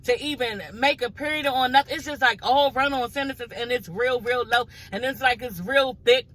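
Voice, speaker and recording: A woman's voice: a little high, normal speed, fairly bright tone, low-quality recording. A woman recapping a reality show in a casual gossip vlog, blunt and profane, talking straight to her viewers.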